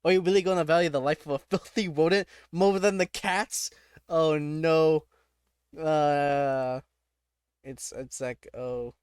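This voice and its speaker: A man's voice: on the high side, fairly even intonation, slow pace, darkish tone, clear, resonant tone, no room sound, clean studio sound. A man playing a text adventure, reading the game text aloud and reacting casually, laughing often and breaking off with startled exclamations.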